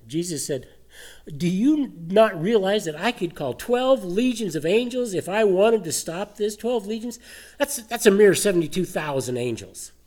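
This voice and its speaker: A man preaching a sermon, animated and full of rhetorical questions and scoffing laughs. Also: a little high. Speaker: pastor.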